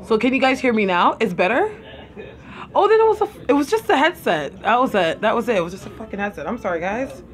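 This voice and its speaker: A woman's voice: fairly high pitch, big pitch swings, fast talker. A woman with a Caribbean accent hosting a casual live stream, chatting and eating while she answers viewers' comments. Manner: chatty, eats while talking, reads viewers' comments aloud. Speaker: livestream host.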